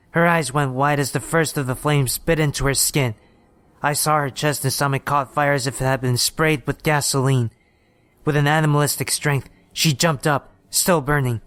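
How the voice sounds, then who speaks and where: A man reading a horror story aloud in steady, measured scripted narration. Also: medium pitch, clear, resonant tone, dry recording.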